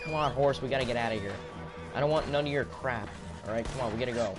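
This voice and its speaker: A man's voice: medium pitch, fast talker, music in the background. A man giving live gameplay commentary, ranting in frustration and answering chat.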